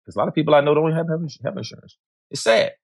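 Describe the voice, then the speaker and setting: A man's voice: on the high side, lively intonation, very fast, gravelly, dry recording, clean studio sound. A middle-aged man, speaking candidly as an interview guest, emphatic and repetitive, swearing freely.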